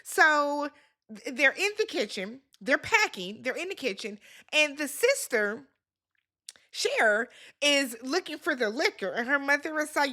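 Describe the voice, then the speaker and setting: A woman with a high, bright, sing-song voice recaps a reality show in a casual, sassy way, speaking a little slowly. She slips into the cast's lines as she tells it.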